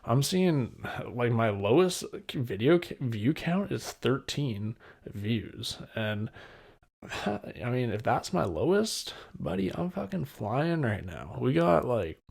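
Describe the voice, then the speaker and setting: A man's voice: medium pitch, vocal fry. A man in his twenties hosting a solo podcast, rambling candidly and poking fun at himself, with wet mouth sounds when he talks. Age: 20s. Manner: rambling, self-deprecating, candid. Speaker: podcast host. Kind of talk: solo casual podcast chat.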